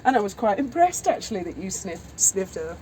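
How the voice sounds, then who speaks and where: A woman's voice: mid-range voice, big pitch swings, fairly quick, darkish tone, rough recording. Woman, co-host, chatty storyteller, casual outdoor chat, faint noise behind. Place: outdoors at sunset.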